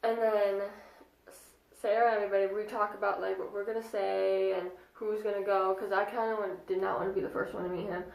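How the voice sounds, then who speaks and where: A young woman in her twenties telling a casual storytime vlog, chatty and excitable with lots of fillers. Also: mid-range voice, a little fast, creaky. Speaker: vlogger. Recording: echoey room.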